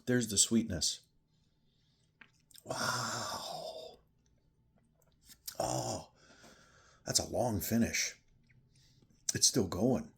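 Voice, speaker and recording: A man's voice: on the low side, slightly rough. A man chatting casually as he tastes and reviews a bourbon, thinking aloud between sips. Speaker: whiskey reviewer. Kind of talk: casual tasting chat.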